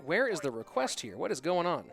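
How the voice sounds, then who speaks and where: A man's voice: on the high side, big pitch swings, a little fast, creaky. A man casting a game tournament on a live stream, chatty and talking straight to his viewers. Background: music.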